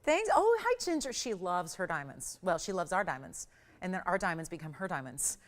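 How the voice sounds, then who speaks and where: A woman hosting a live shopping channel broadcast, giving a chatty, gushing sales pitch in a TV studio and repeating words for emphasis. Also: very animated, brisk. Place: television studio.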